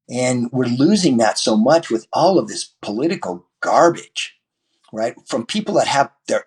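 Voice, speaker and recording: A man's voice: mid-range voice, breathy edge. A man, a martial arts teacher, talking as a podcast guest in a loose, rambling way with many restarts and fillers. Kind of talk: podcast interview guest, casual talk.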